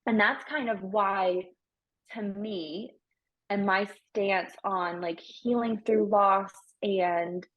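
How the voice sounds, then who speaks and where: A woman's voice: mid-range voice, fairly even intonation, takes it slowly. A woman speaking as a podcast guest and pregnancy loss coach, earnest and emphatic, with many fillers. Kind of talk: heartfelt conversational podcast talk. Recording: slightly dull lo-fi audio.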